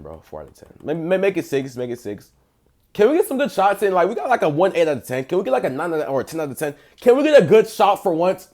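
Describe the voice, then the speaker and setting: A man's voice: mid-range voice, a little mellow. A young man, a dating coach, giving blunt, mocking reaction commentary full of profanity and basketball slang. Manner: blunt, mocking, rates texts out of ten.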